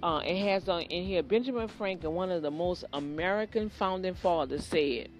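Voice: medium pitch, normal speed, hardly any pauses, soft background music. Earnest preacher repeating key phrases. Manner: earnest, repeats phrases, addresses listeners directly. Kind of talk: informal sermon.

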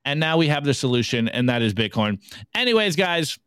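A man hosting a live podcast, reviewing memes in an energetic, casual way and hyping up his audience with catchphrases. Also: a little high, a little fast, clear, resonant tone, no room sound, studio quality. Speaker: podcast host.

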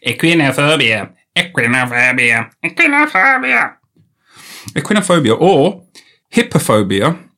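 A man hosting a comedy podcast into a studio mic, riffing playfully and repeating bits in silly voices. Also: medium pitch. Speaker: podcast host. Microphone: studio microphone.

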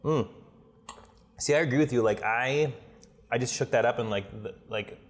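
A man's voice: mid-range voice, moderate pace, in a large hall. A man co-hosting a casual chat, rambling with lots of fillers and swearing. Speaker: podcast co-host.

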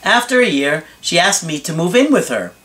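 A man's voice: fairly high pitch, very animated, moderate pace, sharp tone. Frank male relationship coach. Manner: direct, frank, asks pointed rhetorical questions. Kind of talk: reading and commenting on a viewer's email.

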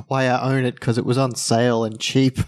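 An easygoing man co-hosts a casual podcast at an average pitch. He chats loosely and laughs easily between his answers. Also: little pitch movement, normal speed. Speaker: podcast co-host.

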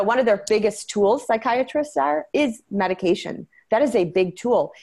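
A woman guest in an interview, talking earnestly and quickly, with frequent fillers and restarts. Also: mid-range voice, darkish tone. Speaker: interview guest, medication-transparency advocate. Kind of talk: conversational interview.

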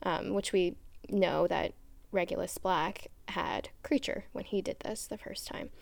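A woman's voice: lowish voice, steady tone, measured pace, vocal fry. A young adult woman co-hosting a podcast, recapping a book in a chatty, casual way. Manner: chatty, filler-heavy recapping. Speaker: podcast co-host.

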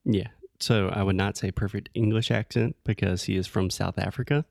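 Male podcast co-host, low and gravelly, patient teacher, dry close recording. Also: steady tone, moderate pace, dry recording. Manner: explains words patiently, corrects gently. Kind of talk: casual chat teaching English.

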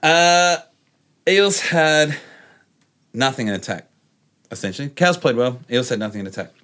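A man's voice: mid-range voice, moderate pace. An Australian man hosting a casual sports chat, telling stories with lots of laughter. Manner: animated storyteller, laughs often. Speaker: podcast host.

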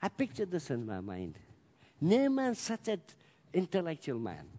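Man, preacher, high-pitched, emphatic sermon delivery, long hall reverb. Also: huge pitch swings, unhurried. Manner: emphatic, rising to loud peaks, acts out scripture voices.

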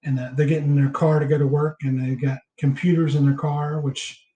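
A man hosting a podcast, recapping a movie in casual, halting chat full of filler words. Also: fairly high pitch, level tone, dark tone. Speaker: podcast host. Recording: echoey room.

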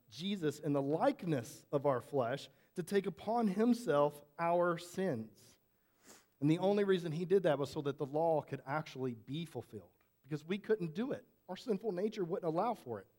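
A man's voice: on the high side, darkish tone. A man preaching a conversational sermon as pastor, asking rhetorical questions and often restarting his sentences.

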